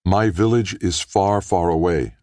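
A man voicing an earnest, soft-spoken astronaut in an audiobook. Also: sits low, measured pace, no room sound, clean studio sound, pitched above the performer's own voice. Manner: earnest, hushed. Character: man, an astronaut making first contact with aliens. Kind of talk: audiobook character voice.

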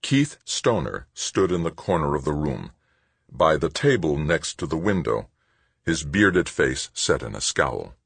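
A man narrating an audiobook in a measured, expressive way. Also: very deep voice, gravelly, husky, no room sound. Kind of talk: scripted narration.

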